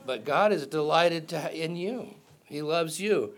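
Man, pastor, slightly high voice, conversational sermon, questions to the congregation, joking asides. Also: a little slow.

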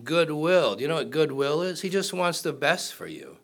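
A man preaching to a congregation, with a voice that sits a little high for a man. He reads verses aloud and keeps stopping to throw questions back at the listeners. Along the way he slips in jokes, so the sermon feels loose and conversational. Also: sing-song, moderate pace, vocal fry, a bit bright. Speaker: pastor.

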